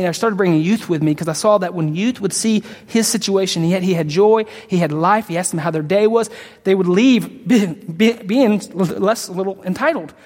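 A man preaching a sermon in a conversational way, breaking into sudden emphatic high-pitched bursts and often calling out to the congregation. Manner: frequent call-outs to the congregation. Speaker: pastor. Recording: long hall reverb.

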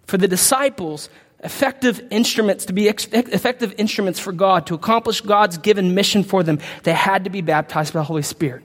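A man's voice: sits high, brisk. A man preaching a sermon as pastor, emphatic, throwing questions to the congregation. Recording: long hall reverb.

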